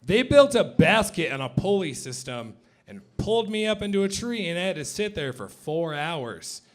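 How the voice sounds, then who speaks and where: A man performs stand-up in a mock-serious, deadpan preaching manner. His voice is high for a man, heard through a handheld mic on a comedy club stage. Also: normal speed.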